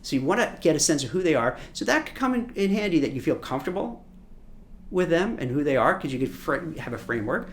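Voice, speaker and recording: Animated Brooklyn-raised male career coach. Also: fairly high pitch, fast talker, slight background noise. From Brooklyn, New York. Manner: animated, repeats words, acts out quotes. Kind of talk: coaching masterclass talk.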